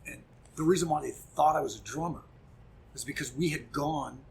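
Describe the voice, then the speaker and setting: A middle-aged man, a punk musician guest, telling a story in casual chat, animated and profane, acting out quoted dialogue. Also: a little high, moderate pace, creaky, breathy edge.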